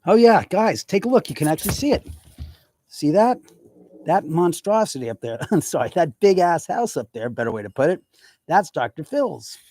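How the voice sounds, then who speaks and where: A man's voice: on the high side, normal speed. A man hosting a live stream, chatting in a rambling, profane way and answering viewer comments as he goes. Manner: animated, profane, reads viewer comments aloud.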